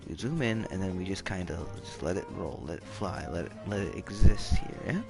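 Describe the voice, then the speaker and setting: Gravelly-voiced man, goofy hushed late-night game chatter, game music underneath. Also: low voice, big pitch swings, fairly quick. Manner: rambling, goofy, playfully self-mocking. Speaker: game streamer.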